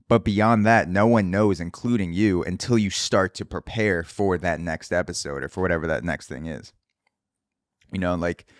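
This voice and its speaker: A male podcast host giving an animated solo monologue and casually swearing as he acts out quoted voices. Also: low voice, dry recording, clean studio sound. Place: Brooklyn, New York.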